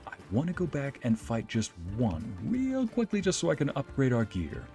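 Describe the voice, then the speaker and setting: Lively joking male game streamer. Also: medium pitch, moderate pace, soft background music. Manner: playful, joking, reads game dialogue aloud. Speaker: VTuber streamer and narrator. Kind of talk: let's play commentary.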